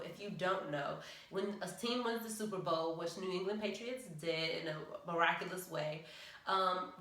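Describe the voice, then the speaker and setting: A woman's voice: lowish voice, a bit bright, roomy sound. A woman hosting a casual panel talk show, upbeat, chatty and opinionated. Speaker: podcast host.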